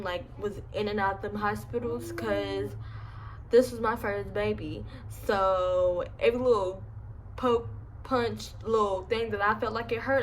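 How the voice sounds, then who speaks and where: A woman's voice: mid-range voice, a little hiss or hum, rough recording. A young woman with a lisp from braces, telling a casual storytime at home in a chatty, slangy way. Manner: chatty, slangy, animated retelling. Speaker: vlogger. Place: home, indoors.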